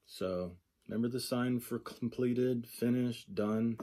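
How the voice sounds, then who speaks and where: A man's voice: mid-range voice, steady tone, slow, hardly any pauses, dark tone. A man giving a lecture, working through a textbook page by page, thinking aloud and repeating example phrases. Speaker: sign language instructor.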